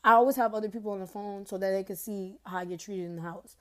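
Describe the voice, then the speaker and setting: This young woman's mid-range voice moves fast but keeps a steady tone. Recording on her phone, she rambles through a slangy personal story for her TikTok viewers, a casual storytime rant.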